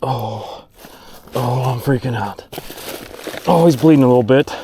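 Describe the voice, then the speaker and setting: A man's voice: mid-range voice, measured pace, background noise. A man filming himself fishing from a boat outdoors, talking to the camera and exclaiming and repeating himself as he goes. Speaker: fishing vlogger. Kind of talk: excited on-the-water commentary.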